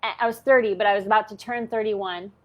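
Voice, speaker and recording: A fast-talking woman in her fifties with a medium-pitched, steady voice hosts a channel and relates a personal story. She's candid and conversational, repeatedly saying "like" and "okay?".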